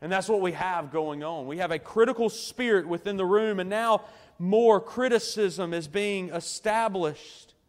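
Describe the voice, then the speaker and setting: Preaching pastor in a reverberant church. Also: male voice, high voice. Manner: earnest preaching with slow emphatic phrases and soft drops. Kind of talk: sermon. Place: church sanctuary. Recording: long church hall reverb.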